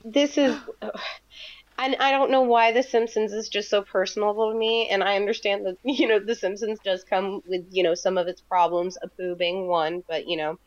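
A woman co-hosting a podcast, telling stories in a joking, animated way. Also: medium pitch, normal speed, no echo, muffled recording. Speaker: podcast co-host. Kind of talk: casual chat, storytelling.

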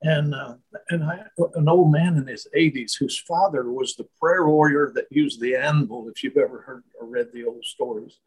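Husky man telling a slow story. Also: mid-range voice, poor audio. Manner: slow, halting, many restarts and fillers. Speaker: guest storyteller. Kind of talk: reflective storytelling in conversation.

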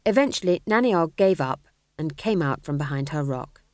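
A woman reading a comic fantasy novel aloud as the audiobook narrator, in a wry, measured storytelling manner. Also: low voice, lively intonation, a little mellow, dry recording, clean studio sound. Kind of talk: scripted narration.

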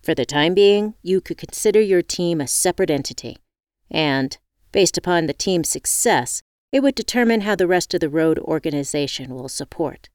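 A woman reading the part of a formal male hiring manager, businesslike and brisk. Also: a little high, animated, smooth, no echo, studio quality.

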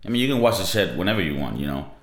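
Speaking very fast in a deep, sing-song voice with a fairly bright tone, a young Latin American-accented man hosts his podcast. He rambles casually through a profane, slangy monologue while the room echoes around him.

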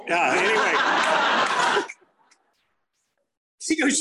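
A man doing a crude, rambling stand-up comedy set, telling stories with animated put-on voices. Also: sits high, slow, pauses often, background noise.

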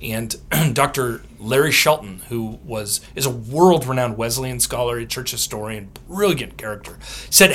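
Guy theologian telling stories on a podcast, bright slightly husky voice, jumps all over in pitch, laughs a lot. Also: normal speed. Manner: animated, laughs often, acts out quotes. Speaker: guest author and theologian. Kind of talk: podcast interview, storytelling answers.

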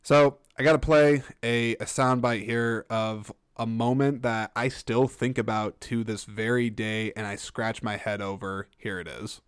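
A man's voice: on the low side, fairly even intonation, measured pace, few pauses, clean tone, no room sound, clean studio sound. A young man hosting a solo podcast, rambling and self-mocking with lots of restarts. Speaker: podcast host. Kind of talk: casual solo podcast monologue.

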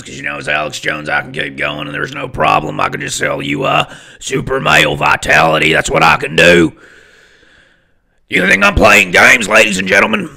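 A man's voice: fairly high pitch, creaky, sharp tone, exaggerated voice. A young man imitating a bellowing conspiracy ranter. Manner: bellowing, rambling and paranoid. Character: loud ranting middle-aged male conspiracy broadcaster.

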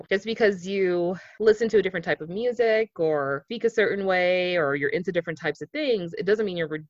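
A man co-hosting a podcast in casual conversation, chatty and quick to laugh, swearing casually. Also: high voice, no echo. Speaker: podcast co-host. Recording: dull, slightly lo-fi, dry.

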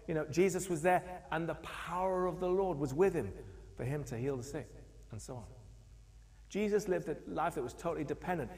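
A man preaching a sermon in a church, telling stories with animation and acting out the voices of the people in them. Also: fairly high pitch. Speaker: pastor. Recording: long echo of a church hall.

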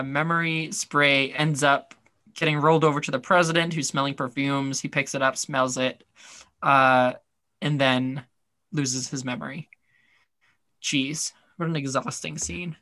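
Bright, dry-voiced man recapping wryly. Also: on the high side, no echo. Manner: rambling, filler-heavy, wry. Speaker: podcast co-host. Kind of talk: casual recap chat.

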